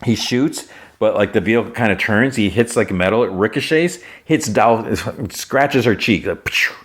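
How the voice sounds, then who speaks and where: A man's voice: on the low side, normal speed, fairly bright tone. A man hosting a podcast, casually retelling a show's plot in a rambling way, with lots of fillers and restarts. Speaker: podcast host.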